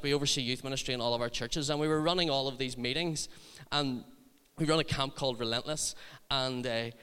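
A man's voice: a little high, sharp tone, clear, resonant tone. Male youth preacher, chatty and funny, resonant voice with long hall echo. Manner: humorous, chatty anecdotes. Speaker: youth ministry leader. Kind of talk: sermon storytelling.

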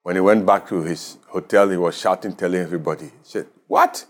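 A man with a Ghanaian English accent preaching a radio sermon as pastor, measured and emphatic, leaning on key words. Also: low voice, steady tone.

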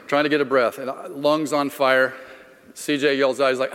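A man's voice: mid-range voice, steady tone, moderate pace, a bit bright. A middle-aged man from Florida preaching a sermon, telling a personal story in a conversational, self-deprecating way. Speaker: pastor. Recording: long hall reverb.

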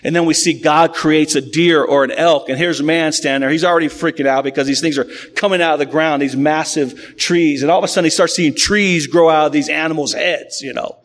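A man pastor preaching a sermon to a congregation in an animated, conversational, storytelling way. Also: fairly high pitch, a little fast, few pauses.

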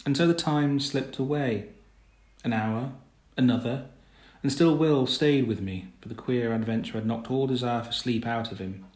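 A man narrating a story in a measured, low-key reading. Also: darkish tone. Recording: roomy echo.

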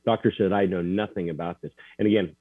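A man recounting a personal story as an interview guest, earnest and halting, with many restarts. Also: low voice, steady tone, dry recording. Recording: tinny dry phone line.

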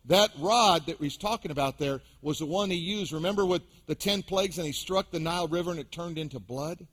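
A man's voice: high voice, a bit bright. A man preaching a sermon as pastor to his congregation, with emphatic rises and drops. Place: church sanctuary.

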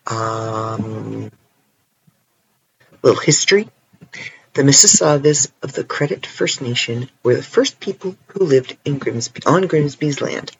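A man's voice: mid-range voice, expressive, measured pace, gravelly, highs cut off, a little hiss or hum. A Canadian man chatting casually and playfully on his own in a rambling vlog, tired at night. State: tired, stretching sore legs. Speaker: vlogger. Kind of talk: casual solo chat. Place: indoors, alone at night.

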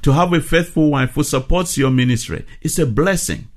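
A middle-aged man from South Africa, a ministry leader giving earnest, measured testimony in a radio interview. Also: fairly high pitch.

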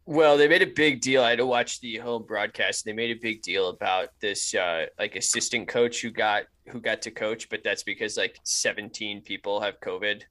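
Man, co-host, casual chat, rambling, low pitch, bright. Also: steady tone, moderate pace, hardly any pauses, no room sound. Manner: rambling, laughs a lot. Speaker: podcast co-host.

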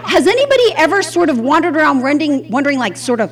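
A middle-aged woman with a Southern US accent teaching a Bible lesson. She talks in an animated way and acts out the quotes she tells. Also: high-pitched, brisk, hardly any pauses. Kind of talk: sermon.

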